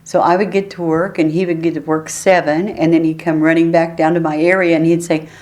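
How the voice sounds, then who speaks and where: Older female interviewee, low-pitched, easygoing storyteller who laughs readily. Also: level tone, brisk, a little mellow. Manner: chatty, laughs often while telling stories. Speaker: oral history interviewee. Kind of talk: relaxed storytelling.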